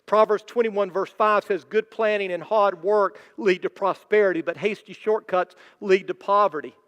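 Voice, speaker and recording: A man's voice: high voice, normal speed, a bit bright, clean tone. A man preaching as a pastor, emphatic and repetitive, building in intensity. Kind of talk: sermon. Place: church sanctuary. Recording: long church hall reverb.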